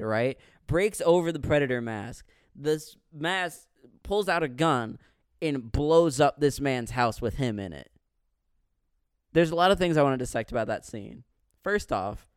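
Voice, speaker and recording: A man in casual podcast chat, retelling a movie scene by scene and acting out the characters with sudden loud, swearing outbursts. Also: a little high, clear, resonant tone, no echo, clean studio sound. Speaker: podcast co-host reviewing a movie.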